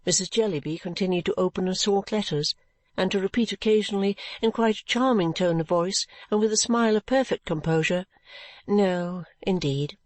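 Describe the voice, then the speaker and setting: A woman's voice: mid-range voice, brisk, no room sound. Woman narrating a classic novel. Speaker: audiobook narrator. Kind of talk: scripted narration.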